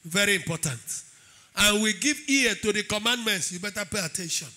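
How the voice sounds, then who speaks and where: A man preaching a sermon as pastor, calling out to the congregation and building into shouted declarations. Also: high-pitched, fairly quick. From Nigeria. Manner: preaching with call-and-response, swelling into shouted declarations.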